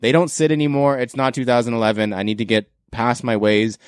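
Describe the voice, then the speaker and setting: A man from Canada hosting a casual sneaker podcast, relaxed and enthusiastic, laughing often as he talks. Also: medium pitch, brisk, clear, resonant tone, no echo, clean studio sound. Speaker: podcast host.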